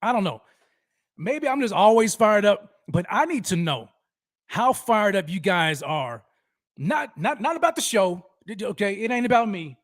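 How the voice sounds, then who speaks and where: Hyped high-voiced male livestream host. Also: unhurried, dry recording, studio quality. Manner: hyped, energetic shout-outs to viewers. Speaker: host of a sports fan livestream. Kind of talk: livestream roll call chat.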